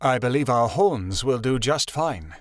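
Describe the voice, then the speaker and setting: A man's voice: mid-range voice, animated, unhurried, no echo, clean studio sound, close to an everyday voice. A man voicing a noble male unicorn stallion in an audiobook, speaking in a formal, proclaiming manner. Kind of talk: audiobook character voice.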